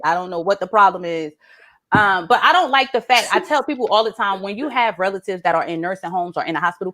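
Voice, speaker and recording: A woman's voice: medium pitch, lively intonation, brisk, a bit bright. A woman doing a stand-up comedy set, brash and profane, often laughing at her own jokes. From Atlanta, Georgia.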